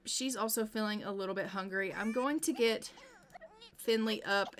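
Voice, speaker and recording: A woman's voice: mid-range voice, a bit bright, slight background noise. A woman casually narrating her life-simulation gameplay, chatting to the characters as she plays. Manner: chatty, talks to the game characters directly. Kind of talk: casual let's-play commentary.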